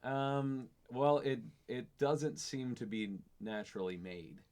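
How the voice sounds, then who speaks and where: A man narrating a tabletop game as game master in a casual, halting way. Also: medium pitch, darkish tone.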